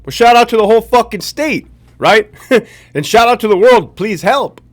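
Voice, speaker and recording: Hosting his own show, this middle-aged Southern Californian, once a prison guard, delivers a casual ranting monologue to camera. He swears, leans on sarcasm and repeats points for emphasis, in a high, expressive voice at a moderate pace.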